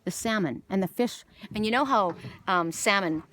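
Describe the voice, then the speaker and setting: A woman from Canada giving an oracle card reading outdoors by the water, telling a story in a rambling, animated way with many restarts. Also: mid-range voice, moderate pace. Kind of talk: casual spiritual message. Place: outdoors by water with jumping fish.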